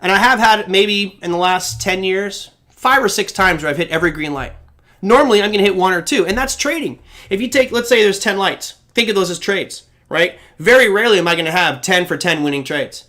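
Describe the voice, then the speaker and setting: Trading show guy, high bright voice, blunt and animated, keeps acting out what people say. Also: a little fast. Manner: animated, blunt, plays out quoted reactions. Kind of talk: live show talk answering chat questions.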